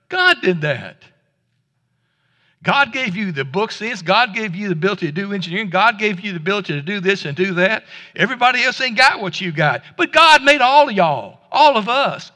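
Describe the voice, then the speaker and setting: Lively, bright-voiced pastor preaching. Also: male voice, sits high, long reverb tail. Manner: conversational, folksy preaching with stammered restarts. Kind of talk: sermon. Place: church sanctuary.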